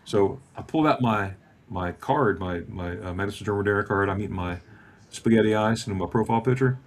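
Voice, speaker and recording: A man in his fifties telling a casual travel story on a video call, acting out the dialogue as he goes. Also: fairly quick. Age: 50s. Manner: animated, acts out dialogue with lively pitch swings.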